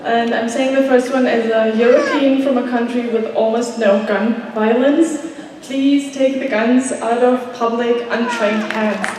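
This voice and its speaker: A woman's voice: a little high, fairly even intonation, unhurried, darkish tone, slight background noise. A woman from Germany, politely and eagerly asking a question at a fan convention. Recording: echoey hall from far off.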